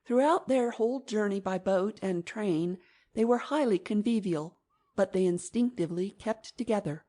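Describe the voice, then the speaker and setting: A woman narrating an audiobook in an even, measured manner. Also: mid-range voice.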